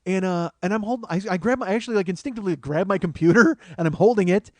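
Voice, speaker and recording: A man telling a long comic story on his show, swearing often, starting in low murmurs and building to excited, rising outbursts. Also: racing, no room sound. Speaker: comedian and podcast host. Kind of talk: storytelling monologue.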